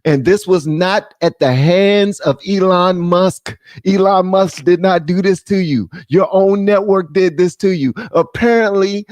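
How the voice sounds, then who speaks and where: Lively laughing American male streamer. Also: high-pitched, a little slow, no echo. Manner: animated, laughing, jokey. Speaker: live stream host. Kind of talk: casual live-stream commentary.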